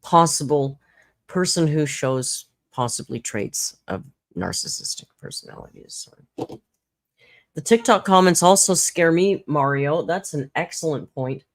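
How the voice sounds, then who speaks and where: A woman with a low, deep speaking voice hosts a casual livestream. She chats loosely, laughs often and reads viewer comments aloud as she goes. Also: animated, a little slow, no echo, clean studio sound. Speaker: livestream host.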